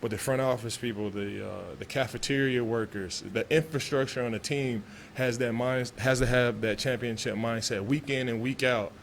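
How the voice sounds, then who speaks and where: A man's voice: mid-range voice, steady tone, moderate pace, hardly any pauses, a little hiss or hum. Laid-back man from Texas, press talk. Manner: laid-back, loose, repeats and restarts. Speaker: pro football player. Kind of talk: press conference answers.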